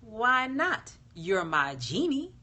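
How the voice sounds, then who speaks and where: A man's voice: sits high, a little slow, exaggerated voice. Woman reading as a stammering eager young man. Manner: stammering, excitable questions.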